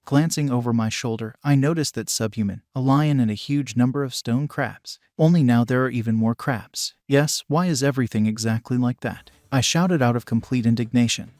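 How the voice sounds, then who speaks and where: A man narrating a comic fantasy recap in an even, unhurried first-person storytelling voice. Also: mid-range voice, no room sound, clean studio sound.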